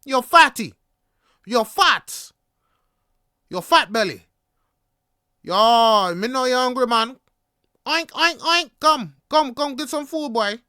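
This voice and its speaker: A man voicing a loud, mocking male street peanut vendor with a Jamaican accent, yelling taunts. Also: extremely high pitch, lively intonation, takes it slowly, pauses often, smooth, no echo, studio quality, pitched above the performer's own voice, full character voice.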